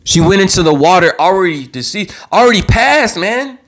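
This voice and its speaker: A young man hosting his own live show, giving impassioned commentary in a heated, worked-up voice, repeating himself and stumbling over restarts as he gets louder. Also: high-pitched, sing-song, normal speed. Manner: heated, repetitive, stammering restarts, rising to near-yelling. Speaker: vlog host.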